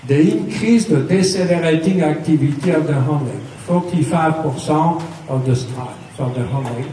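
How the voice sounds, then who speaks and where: Guy coaching riding, patient, keeps asking okay?, mellow voice, big echo, mic far off. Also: fairly high pitch. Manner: patient, explains step by step, often checks "okay?". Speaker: riding instructor. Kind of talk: hands-on riding lesson. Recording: echoey, distant mic with faint noise.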